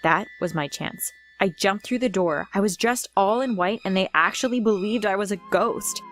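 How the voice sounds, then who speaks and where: A woman's voice: mid-range voice, moderate pace. A young woman giving a dramatic first-person storytime narration. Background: faint music.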